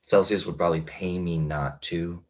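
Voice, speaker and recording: A man in his thirties talking casually on a live stream, rambling with many halting restarts. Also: low-pitched, fairly even intonation. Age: 30s. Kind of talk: casual livestream talk.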